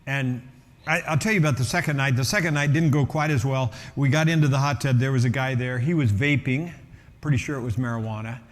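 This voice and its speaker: A middle-aged man, a pastor, telling a story in a sermon with lively energy and acting out the voices of people in it. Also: medium pitch, a little fast, long reverb tail. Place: church auditorium.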